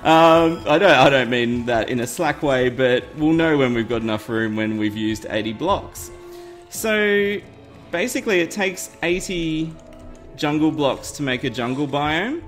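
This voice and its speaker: A man's voice: on the high side, expressive, measured pace, fairly bright tone. A man hosting a casual game tutorial, chatty and upbeat, often laughing at himself. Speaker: gaming YouTuber host. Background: faint game music.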